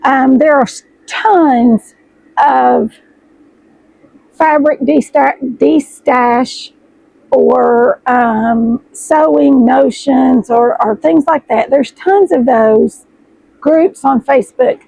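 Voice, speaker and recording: A middle-aged woman, chatting excitedly to her viewers as she unboxes fabric, her voice hoarse and froggy. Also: sits high, very slow, no echo, low-quality recording. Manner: chatty, gushing, addresses viewers as y'all. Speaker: sewing vlogger host. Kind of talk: casual chat while unboxing fabric.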